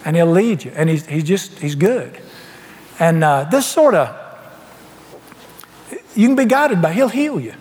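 A man preaching in a church, telling his story in a folksy way and acting out every exchange. His voice sits high and swings widely in pitch. The sound rings with the long reverb of a church hall. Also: unhurried, pauses often. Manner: folksy, animated storytelling, acts out dialogue. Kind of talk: storytelling sermon.

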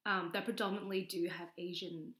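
A woman's voice: lowish voice, steady tone, fairly quick, a bit bright. Curious woman in a roomy space. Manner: curious, reflective. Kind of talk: casual podcast conversation. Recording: roomy echo.

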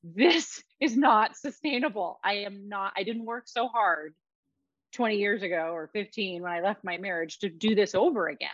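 A woman's voice: medium pitch, moderate pace, fairly bright tone, no room sound, highs cut off. A middle-aged woman speaking emphatically and reflectively in a casual podcast conversation, often repeating her words.

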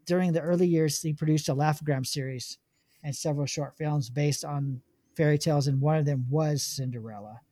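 A man's voice: a little high, a little fast, warm tone, no echo. A man hosting a casual podcast chat, reading film notes aloud with many ums and restarts. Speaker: podcast host.

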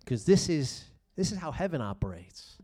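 A man preaching a sermon as pastor, reading scripture and explaining it, swinging between loud emphasis and hushed asides. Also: fairly high pitch, sing-song, normal speed.

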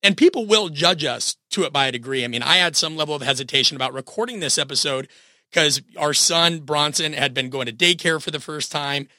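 A man's voice: fairly high pitch, brisk, pushed and bright, no echo, studio quality. A man in his thirties, sick with a cold, hosting a solo podcast and coaching his listeners in an earnest, direct way.

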